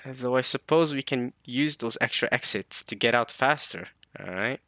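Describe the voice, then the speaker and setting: A man casually reading a manga chapter aloud and reacting to it, excited and thinking out loud. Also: mid-range voice, dry recording, studio quality. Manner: excited, thinks aloud, reads lines in quick put-on voices.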